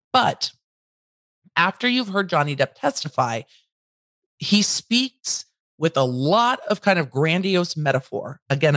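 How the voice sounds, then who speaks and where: A woman hosting a casual, candid trial recap, blunt enough to swear and acting out quotes with lively emphasis. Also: low-pitched, no echo. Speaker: legal commentary host.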